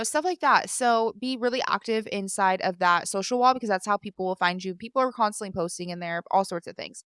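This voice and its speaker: On a studio microphone, a young woman hosts her own podcast in candid, casual chat stuffed with fillers, now and then teary and sniffling. Her medium-pitched voice has a fairly bright, clean tone. The recording is dry, with clean studio sound.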